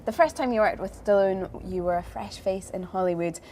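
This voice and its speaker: A woman's voice: medium pitch, brisk, a little mellow, a little hiss or hum. A woman presenting and interviewing in a playful, light entertainment style, often laughing. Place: indoors at a public venue.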